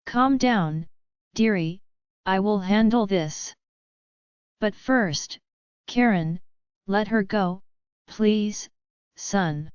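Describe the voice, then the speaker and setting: A woman's voice: mid-range voice, extremely slow, long pauses, smooth, dry recording, highs cut off. A woman voicing an older, flustered but fatherly emperor who talks in a placating way.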